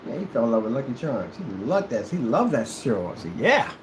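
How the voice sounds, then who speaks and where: A man from the United States chatting casually while he plays, telling rambling, animated stories in a hyperactive way. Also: medium pitch, quick pace, slight background noise. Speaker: gaming streamer. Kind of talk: casual chat while playing.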